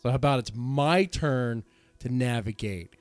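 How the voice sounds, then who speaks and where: A male streamer talks over a debate clip at a mid-range pitch. He rambles and restarts his sentences and greets his chat as he goes. Faint music sits underneath. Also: measured pace, dry recording. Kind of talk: casual live-stream commentary.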